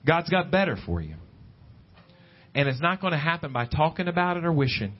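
A man preaching a sermon at a church service, talking conversationally and climbing in pitch when he stresses a point. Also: big pitch swings, fairly quick. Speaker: pastor. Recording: dull lo-fi church recording with faint guitar.

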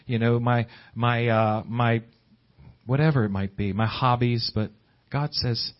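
A man preaching a sermon, swinging between high pleading exclamations and low hushed asides. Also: steady tone, measured pace. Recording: dull lo-fi recording.

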